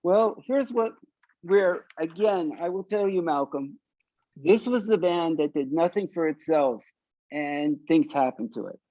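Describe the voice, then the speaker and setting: A man's voice: on the high side, a little slow, dry recording, highs cut off. An older man from South Florida, a punk singer, telling stories in an interview and acting out the voices of the people in them. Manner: animated storyteller acting out quoted voices. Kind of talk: casual storytelling interview.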